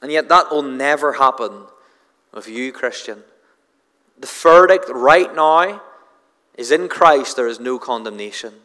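A man's voice: medium pitch, lively intonation, measured pace, long pauses, sharp tone, big-room sound. A man preaching a sermon, earnest and emphatic, building on repeated refrains and restarting phrases as he presses a point.

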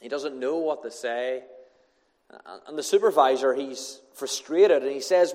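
A man's voice: mid-range voice, measured pace, darkish tone, long reverb tail. A man preaching an evangelistic sermon in a church, earnest and emphatic, often repeating phrases.

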